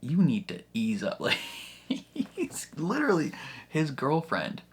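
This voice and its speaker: Husky-voiced man ranting in casual commentary. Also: a little high, measured pace. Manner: animated, exasperated ranting with frequent swearing. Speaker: reaction video host.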